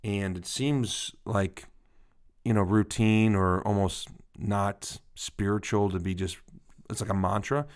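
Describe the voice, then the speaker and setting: A man's voice: on the low side, steady tone, slow, smooth. A man in his thirties co-hosting a ministry podcast, telling a story with a lot of laughter at himself. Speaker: podcast co-host. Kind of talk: casual ministry podcast chat.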